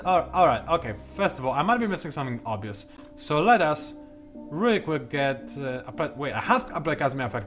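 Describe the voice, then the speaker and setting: A man with a slightly high, very lively voice talks through a strategy game in casual, sarcastic commentary. He jokes about himself and often jumps into excited outbursts, while faint music plays behind him. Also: brisk. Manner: sarcastic, self-mocking, prone to sudden excited outbursts. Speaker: gaming video creator. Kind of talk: casual let's-play commentary.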